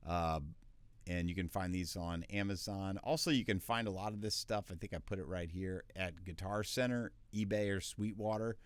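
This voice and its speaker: A man with a lower voice gives an easygoing tutorial, quick and loose with filler words. He is recorded in a small, dry home space. The tone stays relaxed and informal. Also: smooth, dry recording. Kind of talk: casual tutorial talk.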